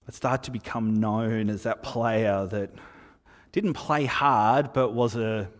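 A man preaching a sermon in a relaxed, conversational way, telling stories with lively asides. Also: fairly low pitch, takes it slowly, big-room sound. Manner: conversational, animated storytelling with asides. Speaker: pastor.

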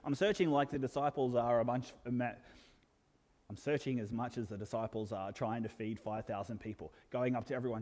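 A man preaching a sermon in an earnest way, building to emphatic peaks and dropping to soft asides. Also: mid-range voice, steady tone, fairly quick. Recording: long hall reverb.

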